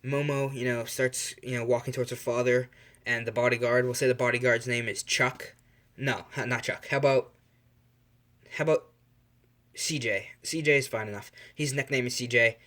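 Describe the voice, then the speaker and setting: A man's voice: mid-range voice, fairly even intonation, normal speed, fairly bright tone. A young man improvising a fan story aloud, rambling and correcting himself as he goes, with lots of fillers.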